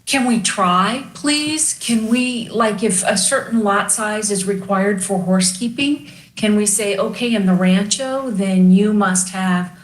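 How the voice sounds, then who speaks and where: Slow, pleading councilwoman. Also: mid-range voice, reverberant, rough recording. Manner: pleading, earnest. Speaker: city council member.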